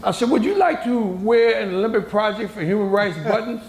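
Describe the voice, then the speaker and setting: Gravelly, high-voiced older man telling a story. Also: a little fast. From United States. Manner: lively storyteller who acts out other people's words; colloquial and emphatic. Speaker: panel guest. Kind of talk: storytelling at a moderated discussion. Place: university hall. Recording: roomy hall sound.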